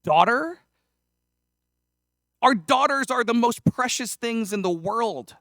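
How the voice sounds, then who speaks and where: A man's voice: very high voice, lively intonation, measured pace, sharp tone, dry recording, studio quality. A male pastor preaching a sermon in a conversational, self-deprecating way, with casual asides. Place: church sanctuary.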